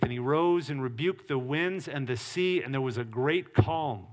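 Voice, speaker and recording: A middle-aged male pastor preaches a sermon in an earnest, emphatic manner, acting out quotes and varying his emphasis. He speaks at normal speed in a mid-range voice.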